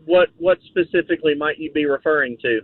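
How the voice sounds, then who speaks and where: A male caller heard through a tinny phone line, his voice a little high and dry. He talks in a polite, wry, deadpan way, keeping his answers short. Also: a little fast, no room sound. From Ireland heritage.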